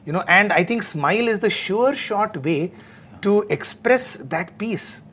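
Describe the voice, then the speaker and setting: Man, earnest spiritual talk, slightly high voice, faint hiss behind. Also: lively intonation, unhurried, a bit bright. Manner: earnest, many fillers like "you know". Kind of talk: casual spiritual conversation.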